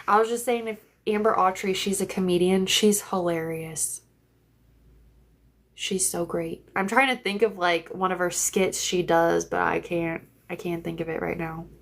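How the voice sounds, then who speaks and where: A woman's voice: lowish voice, steady tone, a little slow, creaky. A young woman hosting a casual phone livestream from home, chatty and rambling, swearing freely. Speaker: livestream host. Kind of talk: casual live chat. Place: home, in bed.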